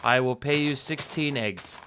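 A man's voice: medium pitch, measured pace, noisy background. Young male let's-play host, loose and playful, mid-range voice, chats at the animals on screen. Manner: chatty, talks to in-game animals, playful. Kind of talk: casual gameplay commentary.

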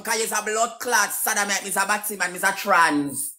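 A woman's voice: mid-range voice, moderate pace, sharp tone, faint music behind. A woman with a Jamaican Patois accent ranting angrily on a live stream, cursing and taunting, sometimes half singing her words. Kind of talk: angry live-stream rant.

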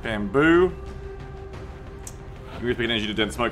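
A man streams a strategy game, reading his chat aloud and spinning crude jokes out of it. His voice is bright and forceful, at a mid pitch. Faint music plays underneath. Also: lively intonation, normal speed. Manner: joking, profane, riffing on chat messages. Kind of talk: casual gameplay commentary.

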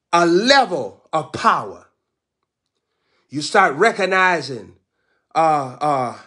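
Male preacher, slightly high voice, rhythmic repeating lists, shouts and hushed asides. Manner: swings from shouted declarations to low, quick asides; repeats phrases, lists words in cadence. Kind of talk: sermon.

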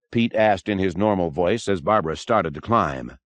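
Lively low-voiced male narrator. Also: moderate pace. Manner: dramatic, expressive. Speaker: audiobook narrator. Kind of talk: audiobook narration. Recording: dry close recording.

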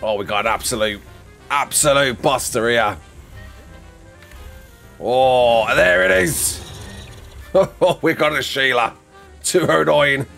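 A man's voice: mid-range voice, slow pace, gravelly, long pauses, fairly bright tone, soft background music. A man putting on an over-the-top Australian wildlife adventurer in a game video, exclaiming in slang and bursting into laughs. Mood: gleeful. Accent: put-on Australian. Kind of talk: gaming role-play.

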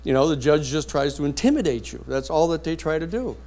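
A man lecturing a university class, telling a courtroom story in a blunt, lively anecdotal way. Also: on the high side, fairly quick.

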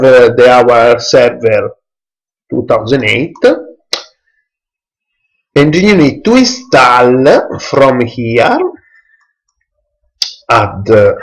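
Man, slow hesitant tutorial narrator, mouse clicks in background. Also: mid-range voice, low-quality recording. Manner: halting non-native English, many hesitations. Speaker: tech tutorial presenter. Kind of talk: screen-recorded software tutorial.

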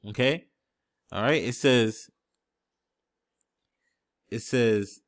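A man's voice: medium pitch, animated, slow pace, pauses often, fairly bright tone. Emphatic male scripture preacher. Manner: emphatic, repeats "okay?" and "man" constantly; looks up word definitions on screen while talking. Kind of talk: street-style scripture teaching.

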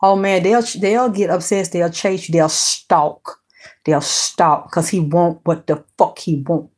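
A woman, chatting casually to her viewers as a celebrity gossip host, animated and full of curses. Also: on the low side, unhurried. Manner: animated, swearing, talks straight to her viewers. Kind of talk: casual chat.

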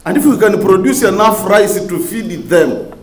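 A man's voice: high voice, expressive, normal speed, darkish tone, a little hiss or hum. Male minister from Uganda, public speaker, repeats points for emphasis, roomy conference hall sound. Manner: oratorical, repeats key phrases for emphasis, rising to emphatic peaks. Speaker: government minister giving a conference speech. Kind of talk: public speech to a conference audience.

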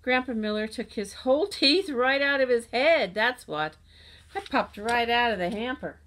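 A woman's voice: fairly high pitch, normal speed, voice pushed up. A woman reading as a chatty, boastful kindergarten girl. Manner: lively, childlike storybook storytelling with playful grammar. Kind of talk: audiobook reading.

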